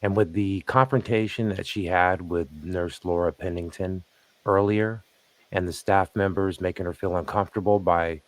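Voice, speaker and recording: A man narrating commentary over footage in a measured, pointed way, asking rhetorical questions. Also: deep voice, dry recording.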